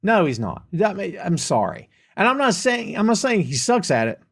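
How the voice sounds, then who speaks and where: A man's voice: sits high, very animated, normal speed, vocal fry, breathy edge. Man hosting a casual chat show. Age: middle-aged. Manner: reads viewer comments aloud and reacts with playful sarcasm. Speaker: podcast host answering audience questions. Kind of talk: casual live-stream chat.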